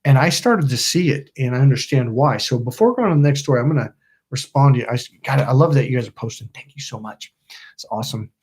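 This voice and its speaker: Hombre de mediana edad, voz ronca, relatando. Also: male voice, mid-range voice, lively intonation, fast, darkish tone, slightly rough. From Napa, California. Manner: swearing, rambling, acts out voices in quotes. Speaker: channel host. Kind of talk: casual storytelling livestream.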